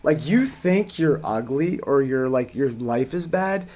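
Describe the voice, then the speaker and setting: A man's voice: medium pitch, expressive, unhurried, dark tone. A man casually telling a rambling story on a chat show, full of fillers, restarts and swearing. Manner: swears casually, laughs a lot. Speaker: co-host.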